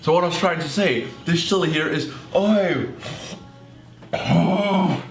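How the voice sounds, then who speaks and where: A young man giving casual reaction commentary as a YouTuber, joking and sarcastic with excitable outbursts. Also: fairly high pitch, slow pace. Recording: echoey room with faint music.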